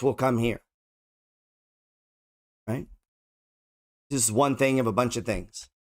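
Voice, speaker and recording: A man talks his way through market charts in a loose, off-the-cuff way. He is heavily sarcastic and profane, thinking aloud as he goes. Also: medium pitch. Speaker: trading show host. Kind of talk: casual market commentary while scrolling charts.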